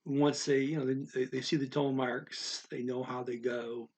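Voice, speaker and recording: A man teaching the tones of Mandarin in a casual spoken lesson, unhurried and halting, stopping to demonstrate with exaggerated high and low sounds. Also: little pitch movement, a little mellow. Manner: unhurried, halting with fillers and restarts.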